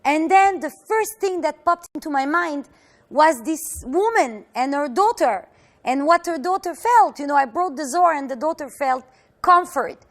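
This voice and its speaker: A woman with a bright, high voice shares a personal story in an earnest, halting way. She stops and restarts as she goes, and she acts out the voices of the people in the tale. Her delivery has the feel of a teacher recounting something true. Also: animated.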